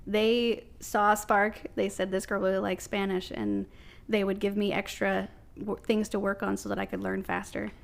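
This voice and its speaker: A woman's voice: medium pitch, flat delivery, moderate pace, gravelly. Midwestern American woman, podcast guest, chatty storyteller who laughs a lot. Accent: American Midwest (Ohio). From Ohio, USA. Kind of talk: casual chat.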